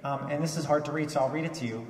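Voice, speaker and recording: Enthusiastic male keynote speaker, fairly high voice, picked up from a distance in a big reverberant hall. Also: racing. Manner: enthusiastic, repeats words when restarting. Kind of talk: conference keynote speech. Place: large conference hall. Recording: echoey hall from far off.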